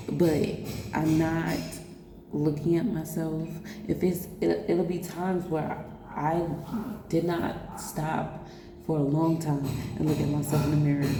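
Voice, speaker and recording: A young adult woman, telling a personal story casually to her viewers, rambling and laughing often. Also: low voice. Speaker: vlogger. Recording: echoey room with background noise.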